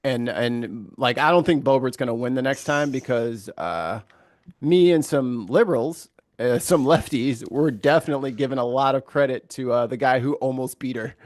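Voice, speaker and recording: A man's voice: mid-range voice, darkish tone, no room sound, studio quality. A man from the United States on a casual panel chat, opinionated and jokey. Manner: opinionated, jokey, quick to tease. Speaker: panel guest.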